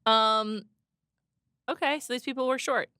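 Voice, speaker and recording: Bright, gravelly-voiced woman podcast co-host. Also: medium pitch, moderate pace, dry recording, studio quality. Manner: lively, opinionated, frequent "like" and restarts. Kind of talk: casual chat.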